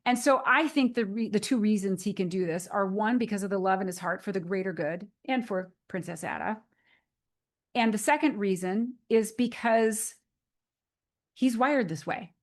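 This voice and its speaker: A woman in her forties giving a casual motivational talk to the camera, retelling movie scenes in a chatty storytelling way. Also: mid-range voice. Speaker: motivational speaker.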